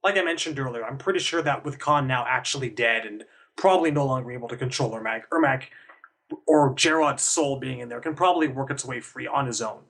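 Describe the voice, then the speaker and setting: A man's voice: medium pitch, brisk, fairly bright tone. A man co-hosting a fan podcast, talking in a laid-back, assured way. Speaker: podcast co-host. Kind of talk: casual chat.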